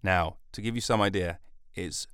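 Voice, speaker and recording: Smooth low-voiced man, rambling. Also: normal speed, fairly bright tone, dry recording, clean studio sound. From United Kingdom. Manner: rambling, jokey, self-interrupting asides. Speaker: podcast host. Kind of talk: solo podcast monologue. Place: recording studio.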